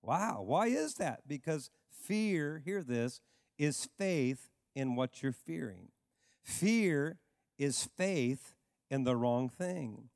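High-voiced emphatic male preacher. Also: lively intonation, takes it slowly, vocal fry, darkish tone, dry recording, studio quality, long reverb tail. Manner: emphatic preaching with repeated phrases and sudden drops to a low voice. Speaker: pastor. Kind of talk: sermon.

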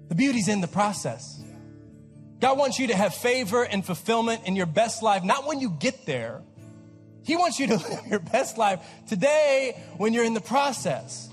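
A man preaching a fervent sermon, repeating refrains and climbing to shouts. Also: high-pitched, big-room sound. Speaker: pastor.

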